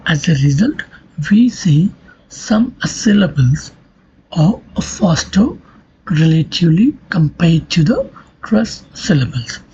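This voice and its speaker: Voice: medium pitch, mellow, slight background noise. A lecturer giving a recorded academic talk, explaining step by step and repeating points. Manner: slow, repetitive, step-by-step explaining. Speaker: linguistics lecturer. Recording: dull lo-fi recording.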